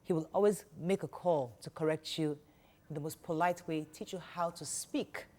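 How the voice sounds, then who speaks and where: A woman hosting a talk show, telling a story in a chatty, animated way. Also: sits low, moderate pace. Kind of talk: casual studio chat.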